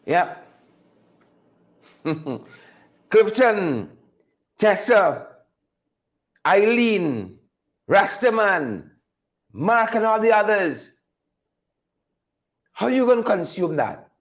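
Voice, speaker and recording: A man's voice: high voice, very animated, very slow, long pauses. A man with a Guyanese accent hosting a political commentary show, talking emphatically and asking rhetorical questions. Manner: reads out viewer names. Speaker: host.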